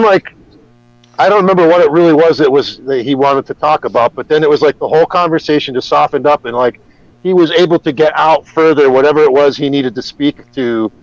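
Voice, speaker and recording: With a high voice, a man hosting a podcast recounts something from his own life in casual, meandering speech packed with false starts and curses. The recording has no echo but sounds dull and lo-fi.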